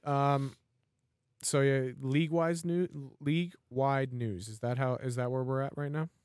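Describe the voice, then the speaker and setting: A man co-hosting a fan podcast in an easygoing, joking way. His voice sits at an ordinary middle pitch. The sound is dry and close to the mic. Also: fairly even intonation, darkish tone, clean tone, no echo. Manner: laid-back, joking, quick to laugh. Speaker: podcast co-host. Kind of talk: casual fan podcast chat.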